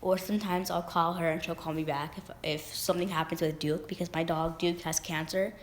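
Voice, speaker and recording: A woman's voice: on the low side, steady tone, fairly quick, a little hiss or hum. A young woman vlogger rambling through a casual story, with lots of fillers and restarts.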